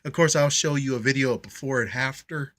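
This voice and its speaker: Young male toy reviewer, casual and rambling, lots of asides, average pitch. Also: a little fast, fairly bright tone. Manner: chatty and rambling, many fillers and asides.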